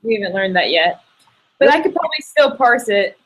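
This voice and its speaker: A woman's voice: mid-range voice, very animated, a little fast, fairly bright tone, poor audio. A woman student in a Greek tutoring session, eager and checking her answers.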